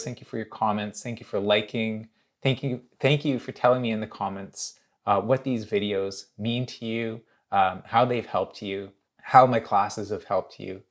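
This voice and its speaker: A man hosting his own channel, talking candidly and earnestly in a halting way, with many restarts. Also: fairly low pitch. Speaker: illustrator and channel host. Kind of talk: candid casual monologue.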